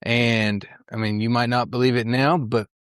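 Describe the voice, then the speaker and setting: Giving a church mission talk, this middle-aged man from Western Oklahoma shares his story earnestly and folksily, with fillers and restarts. He speaks at a moderate pace with medium pitch and little pitch movement. The recording is dry and studio quality.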